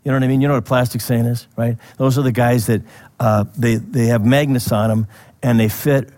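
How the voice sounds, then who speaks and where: A man preaching a sermon in a conversational way, asking the listeners questions and laughing softly now and then. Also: medium pitch, steady tone, brisk. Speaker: pastor.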